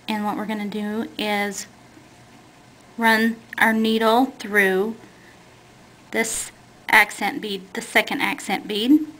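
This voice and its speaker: A woman's voice: medium pitch, flat delivery, takes it slowly, long pauses, fairly bright tone, poor audio. A woman teaching a beading technique step by step, talking plainly and patiently and correcting herself as she works with her hands. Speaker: beading instructor. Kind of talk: step-by-step craft tutorial.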